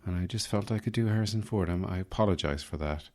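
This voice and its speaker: An Irish man hosting a podcast, his voice rough from just waking up, rambling in a self-deprecating way through a casual improvised monologue. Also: sits low, fast, dark tone. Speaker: podcast host.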